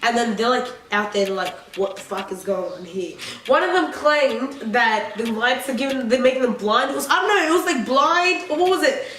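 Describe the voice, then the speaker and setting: Young woman vlogger, high voice, rambling and profane, recorded far off in a reverberant room. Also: expressive, fairly quick, few pauses, a bit bright. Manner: rambling, profane, filler-heavy. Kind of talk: casual storytime. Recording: echoey room, far from mic, faint noise.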